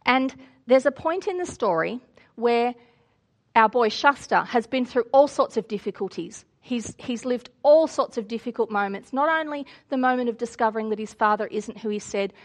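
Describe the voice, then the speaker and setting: A woman preaches a sermon, retelling a story in an earnest, reflective manner. Her voice sits a little high. She pauses to draw out meaning for her listeners. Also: lively intonation.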